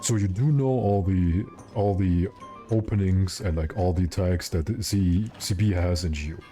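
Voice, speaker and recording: A man's voice: deep voice, moderate pace, warm tone, faint music behind. A young man streaming a game, chatting casually and rambling with his viewers while he plays. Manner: rambling, joking, answers chat.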